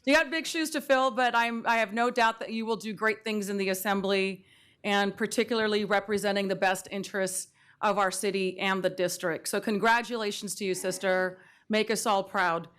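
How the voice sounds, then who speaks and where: A woman's voice: mid-range voice, fairly even intonation, moderate pace, a bit bright, smooth. A middle-aged woman mayor giving a heartfelt farewell tribute in a city council chamber, speaking close to tears into a dais microphone.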